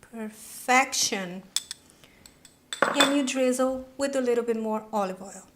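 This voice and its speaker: A woman's voice: a little high, takes it slowly, a bit bright, slight background noise. Bubbly woman hosting a cooking show. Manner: enthusiastic, exclamatory, chatty. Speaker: cooking channel host. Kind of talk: cooking demonstration.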